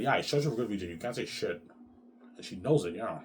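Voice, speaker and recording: A man's voice: on the low side, expressive, fast talker, a little mellow, slight background noise. A young man hosting his own show, rambling in a profane monologue, repeating "man" and putting on brief voices for other people. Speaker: show host.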